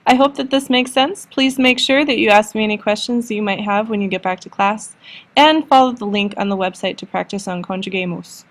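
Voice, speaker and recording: Patient woman teacher explaining slowly. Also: mid-range voice. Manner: patient, slows down for example sentences. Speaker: language teacher. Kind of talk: recorded classroom lesson.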